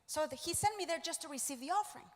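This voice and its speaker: A woman's voice: extremely high pitch, expressive, fast. A woman pastor preaching a sermon, telling her story with animation, acting out quoted voices and teasing the congregation directly. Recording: reverberant church hall.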